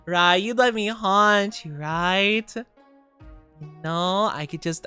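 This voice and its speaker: Bubbly streamer woman, smooth voice. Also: medium pitch, slow, sharp tone, faint music behind. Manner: bubbly, chatty, greets chat by name; playful sing-song asides. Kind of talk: casual livestream chat.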